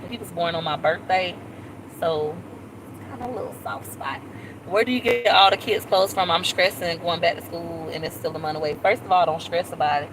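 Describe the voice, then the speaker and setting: A woman vlogger chatting casually on a live stream, animated and talkative, with squealing high jumps when she quotes people. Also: noisy background.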